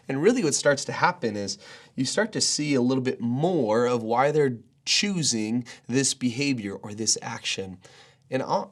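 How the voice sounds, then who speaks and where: Pastor guy in his 30s doing a daily devotional, earnest, chatty, average pitch. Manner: earnest, conversational, with many fillers.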